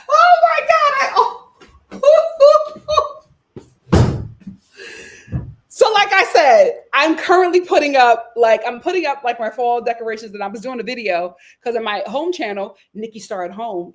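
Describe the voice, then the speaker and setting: A woman giving casual, sassy reality TV commentary on a livestream from home, swinging between loud outbursts and hushed asides. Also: a little high, fairly quick, hardly any pauses. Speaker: YouTube commentator. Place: home room.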